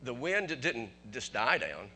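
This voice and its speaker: A man preaching a sermon as pastor, animated, asking the congregation questions and chuckling often. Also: mid-range voice, unhurried, a little hiss or hum.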